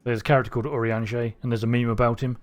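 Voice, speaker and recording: A man's voice: mid-range voice, flat delivery, rapid-fire. English guy streaming a strategy game, mid voice, talks to himself a lot, faint game music. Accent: neutral southern English. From Cornwall, England. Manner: rambling, thinking aloud, self-questioning. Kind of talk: casual gameplay commentary.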